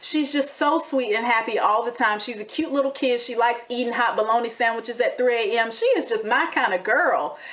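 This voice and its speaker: A woman's voice: fairly high pitch, normal speed, few pauses, fairly bright tone. A woman hosting a reality TV recap, talking in a sassy, dramatic way and calling listeners honey and baby. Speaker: recap show host.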